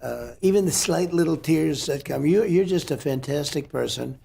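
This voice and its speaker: A man's voice: a little high, normal speed, gravelly, dark tone. A man answering as an interview guest, plainspoken and emphatic, in casual conversation.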